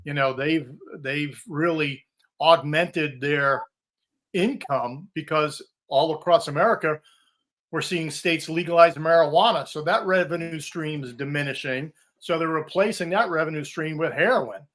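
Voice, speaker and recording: An older man, a retired drug agent, giving steady, informed answers as a podcast guest. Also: fairly high pitch, a little slow. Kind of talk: interview answers.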